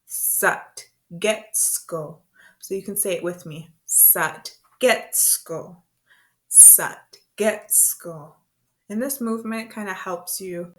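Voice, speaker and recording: A woman teaching beginner words to parents, slow and patient, repeating each word in rhythm. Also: medium pitch, creaky, a bit bright. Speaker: language teacher. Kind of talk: beginner language lesson.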